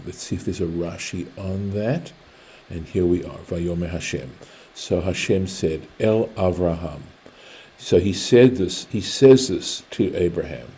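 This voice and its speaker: Man leading an online scripture class, very low voice, unhurried delivery. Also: warm tone, slight background noise. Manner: translates Hebrew line by line, thinking aloud. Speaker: Torah study teacher. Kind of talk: online Bible study class. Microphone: video call.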